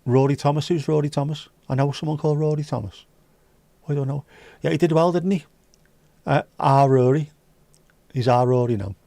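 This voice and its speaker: A man's voice: a little high, fairly even intonation, moderate pace, creaky, dark tone, no echo. A man hosting a casual livestream, chatting with viewers in sweary, joking banter. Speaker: livestream host reading chat. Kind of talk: casual chat.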